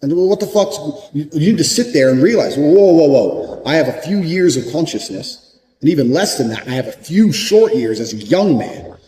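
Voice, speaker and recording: Blunt, profane man with a dark voice. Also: on the high side, animated, brisk, poor audio. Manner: repeats points for emphasis. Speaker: motivational speaker. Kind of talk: motivational monologue.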